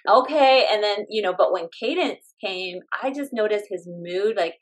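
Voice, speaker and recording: A woman in her thirties, a guest telling her family story in a lively way, laughing often and acting out what others said. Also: mid-range voice, moderate pace. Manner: animated, laughing often, acts out quotes. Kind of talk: casual storytelling interview.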